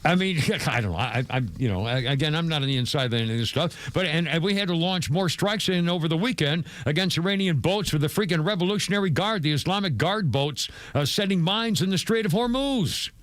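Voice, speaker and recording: A male talk radio host riffs on the news in a loose, rambling way, tripping over his words and circling back often. His voice sits a little high for a man. The studio sound is close and dry. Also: animated, fairly quick, hardly any pauses, fairly bright tone, dry recording. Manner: rambling with frequent stammers and restarts. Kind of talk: casual talk radio commentary. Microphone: studio microphone.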